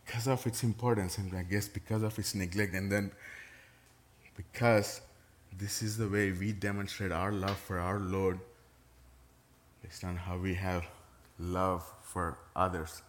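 A man's voice: deep voice, level tone, measured pace, pauses often. A middle-aged man, a pastor preaching a sermon to his church in a conversational way, with touches of playful sarcasm.

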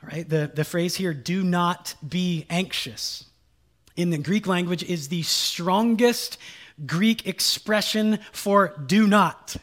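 A man's voice: sits high, slow pace, fairly bright tone. A man preaching a sermon as pastor, emphatic and informal, repeating key lines and quizzing the congregation. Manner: folksy, informal asides.

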